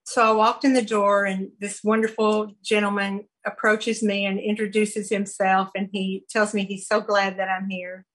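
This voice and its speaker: Woman sharing her recovery story, earnest, halting, lots of ums and restarts. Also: medium pitch, flat delivery, fairly bright tone, rough recording. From American South. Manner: earnest, halting, with fillers and repeated phrases. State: briefly choked up. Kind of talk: personal testimony.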